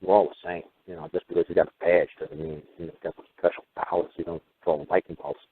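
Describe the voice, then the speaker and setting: A man hosting a call-in radio show, talking in a rambling way and acting out little dialogues with sudden jumps in pitch. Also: flat delivery, a little fast, slightly rough. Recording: tinny phone-like radio audio.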